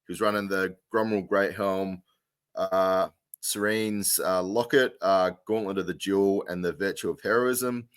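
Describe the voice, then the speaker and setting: Deep-voiced man rambling through details. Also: steady tone, measured pace, clean tone, no echo. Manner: rambling, lots of fillers and restarts. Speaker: podcast co-host. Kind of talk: casual chat.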